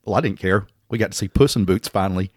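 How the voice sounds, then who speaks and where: A Southern man in his fifties with a very low voice who rattles along quickly. He co-hosts a podcast in a loose chat, blunt, swearing and poking fun at himself. The recording is close and dry. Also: a little mellow, husky, no room sound. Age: 50s. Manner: blunt, swears freely, self-mocking. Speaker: podcast co-host. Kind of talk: casual chat.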